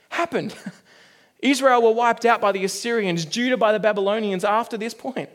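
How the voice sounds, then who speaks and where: A male preacher gives an earnest, conversational sermon. His voice sits high for a man. He leans on rhetorical questions to draw in his listeners. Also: fairly bright tone.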